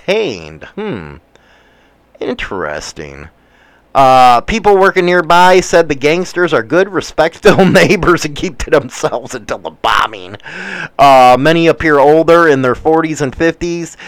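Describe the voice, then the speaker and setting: Man, 40s, Chicago accent, rambling commentary, swearing, smooth resonant voice, slightly high. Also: moderate pace, no room sound. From United States. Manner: rambling, profane, animated asides. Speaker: commentator reading news. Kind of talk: casual commentary.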